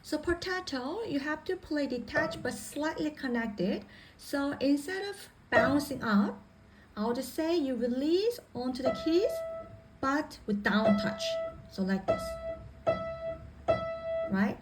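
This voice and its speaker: Slow and animated, a woman with a high-pitched voice gives piano technique instruction, patiently going over each idea again and rephrasing it. Piano can be heard faintly in the background of this rough recording.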